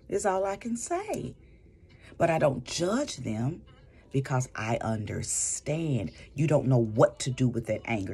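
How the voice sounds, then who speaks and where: A woman's voice: deep voice, darkish tone, slightly rough. A woman who does spiritual readings, giving an emphatic advice monologue and repeating phrases for stress. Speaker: spiritual reader and vlogger.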